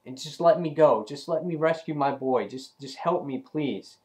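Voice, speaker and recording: A man's voice: fairly high pitch, moderate pace, darkish tone, pitched above the performer's own voice, lightly acted. A desperate comic-book fly-man villain pleads to be let go so he can save his boy, as a man acts him out while retelling the story. The voice lifts somewhat above normal and stays begging and urgent. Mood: pleading.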